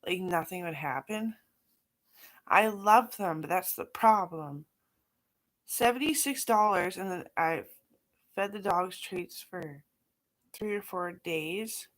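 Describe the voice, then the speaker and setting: A woman's voice: on the low side, slow pace, pauses often, a bit bright. A middle-aged woman talking in a rambling, casual monologue, profane and scattered, jumping from aside to aside. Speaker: vlogger.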